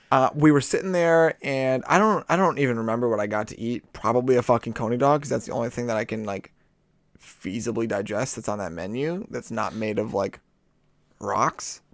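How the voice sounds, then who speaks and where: A man co-hosts a casual podcast, prone to dramatic exaggeration and frequent laughter. His pitch is ordinary for a man, and the recording is dry and close. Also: moderate pace, gravelly, no echo. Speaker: podcast co-host. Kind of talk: casual chat.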